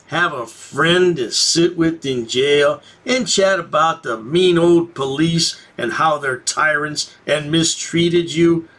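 A man's voice: a little high, fairly bright tone. A man hosting a commentary channel, mocking the people in the clip in a sarcastic, sing-song way. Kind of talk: sarcastic commentary over video.

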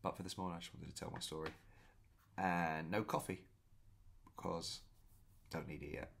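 A man telling a story in a casual vlog, chatty and animated, often repeating himself. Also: low-pitched, moderate pace, creaky, slightly rough. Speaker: vlogger.

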